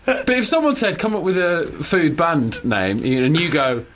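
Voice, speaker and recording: Teasing man, lively banter. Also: fairly high pitch, unhurried. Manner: bantering, laughs loudly, teasing. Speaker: podcast co-host. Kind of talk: casual comedic chat.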